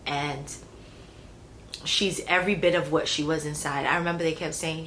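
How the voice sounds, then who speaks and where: Talking a little fast in a deep, somewhat bright voice, a young adult woman vlogs about her pregnancy in a chatty, personal way, full of fillers and restarts. The recording is rough, with faint noise in the background.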